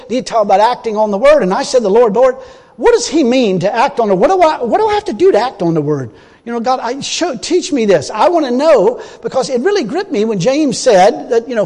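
A man preaching and telling a personal testimony in a folksy storytelling manner, swinging from loud emphasis to quiet groans. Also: sits high. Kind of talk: sermon testimony. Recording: long hall reverb.

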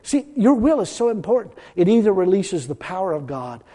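A man preaching a sermon as pastor, talking conversationally, repeating himself and swelling louder for emphasis. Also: high-pitched, very animated, fairly quick. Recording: long hall reverb.

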